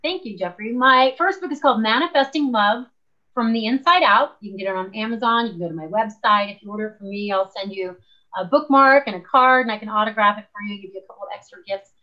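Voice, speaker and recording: In a muffled recording, a woman guest author with a mid-range voice talks fast during a conversational interview. She's an animated storyteller who acts out the voices of the people she quotes.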